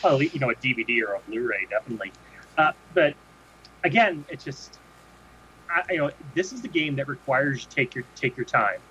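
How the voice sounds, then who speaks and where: A man's voice: medium pitch, expressive, brisk, pushed and bright. A man co-hosting a podcast, chatting casually and rambling with many restarts. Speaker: podcast co-host. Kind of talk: casual chat. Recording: dull lo-fi sound with faint noise.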